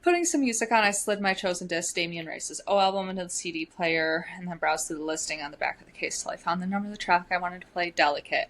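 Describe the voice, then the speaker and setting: A woman's voice: lowish voice, a bit bright, poor audio. A young woman co-hosting a book podcast, reading passages aloud and commenting on them between readings. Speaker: podcast co-host. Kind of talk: casual book discussion with read-aloud passages.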